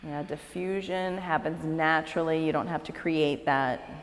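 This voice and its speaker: A woman, a yoga teacher leading a live class with slow, calm cues and encouraging asides. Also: low voice, a little hiss or hum. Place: yoga studio, large room. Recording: echoey studio recorded live from a distance.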